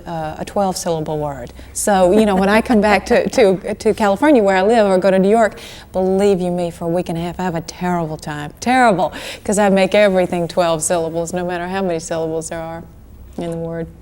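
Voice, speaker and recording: A woman's voice: on the low side, level tone, a little fast, dark tone. A woman, talking casually and animatedly as an actress guest in an archival 1980s TV interview, with many restarts. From Georgia, US.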